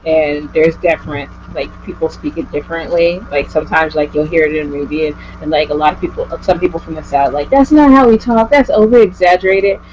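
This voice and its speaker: A woman's voice: sits low, level tone, quick pace, hardly any pauses, darkish tone, a little hiss or hum. A woman vlogger chatting casually with a guest, gushing and rambling with lots of "like". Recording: dull lo-fi home recording.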